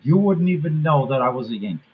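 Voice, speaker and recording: A man with a Boston accent hosts a casual live stream, a touch higher-pitched than most men. He talks in halting, joking bursts, often restarting his sentences. The audio is dull and lo-fi. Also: expressive. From Cape Cod, Massachusetts. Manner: halting, restarts a lot, jokey.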